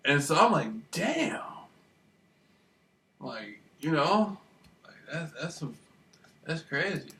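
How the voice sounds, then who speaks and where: A man's voice: fairly high pitch, lively intonation, unhurried, long pauses, bright, forceful tone. A man telling rambling, profane stories in a casual monologue, often laughing as he talks. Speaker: vlogger. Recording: echoey room, voice far from mic.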